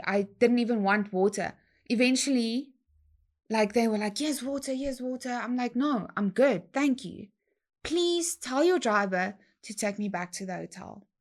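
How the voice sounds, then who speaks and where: Animated woman telling a story. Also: fairly high pitch. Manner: animated, slangy storytelling with quoted dialogue. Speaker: guest DJ. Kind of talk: casual storytelling chat.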